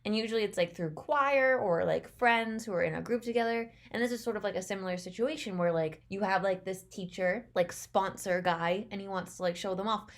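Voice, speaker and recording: A woman's voice: mid-range voice, a little fast, hardly any pauses. A young woman chatting casually as she reacts to a movie trailer, rambling and laughing often.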